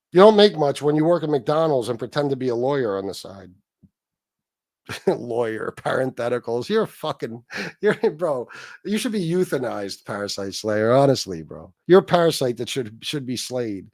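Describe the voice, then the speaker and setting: A man's voice: mid-range voice, lively intonation, moderate pace, darkish tone, dry recording. A man hosting a livestream, ranting in a profane, sarcastic, mocking way. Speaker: livestream host.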